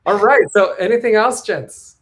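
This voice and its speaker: A man's voice: sits high, slow pace, fairly bright tone. A man hosting a casual live stream over a video call, chatting and thinking aloud. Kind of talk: casual chat.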